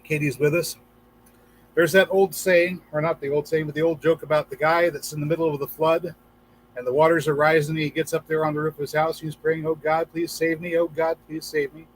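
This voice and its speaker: This livestream host speaks a little fast in a fairly high, flat voice, chatting casually with gardeners, reading their comments aloud, and joking with a few acted-out voices. The low-quality recording picks up slight background noise.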